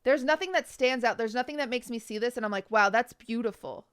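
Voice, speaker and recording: A woman's voice: a little high, fast talker, clear, resonant tone. Blunt, teasing woman streamer. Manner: blunt, teasing, nitpicky advice. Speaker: streamer reviewing viewers' bedrooms. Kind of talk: casual livestream critique.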